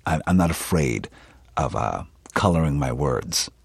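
Very deep-voiced, lively man in his fifties. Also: a little slow, gravelly, slightly rough, no echo, studio quality. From Philadelphia, USA. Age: 50s. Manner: animated, expressive storytelling with laughs. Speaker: actor, interview guest. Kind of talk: conversational interview.

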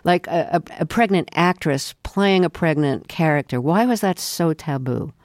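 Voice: mid-range voice, lively intonation, moderate pace, dry recording, studio quality. Curious radio interview host.

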